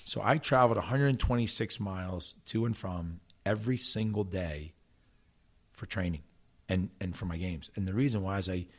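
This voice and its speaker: A man's voice: low-pitched, moderate pace. A middle-aged man from South Jersey, a soccer coach, telling stories in a casual interview with frequent restarts. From South Jersey, USA. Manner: animated storyteller, frequent restarts. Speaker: soccer coach and former player, guest.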